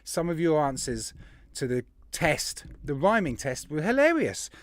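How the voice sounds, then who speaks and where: Brief: chatty streamer, high and very animated, greets chat by name. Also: male voice, unhurried, dry recording. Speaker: livestream host. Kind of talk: casual livestream chat.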